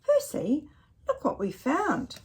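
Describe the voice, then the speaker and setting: A woman voicing an eager, inventive male squirrel in a storybook, bright and urging. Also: high-pitched, huge pitch swings, takes it slowly, pitched above the performer's own voice, heavily acted.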